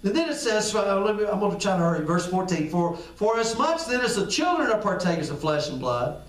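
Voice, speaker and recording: High-voiced man preaching in an echoey room. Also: very animated, brisk. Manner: conversational preaching, acts out little dialogues; repeats phrases for emphasis. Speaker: pastor. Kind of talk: sermon. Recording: echoey room, far from the mic.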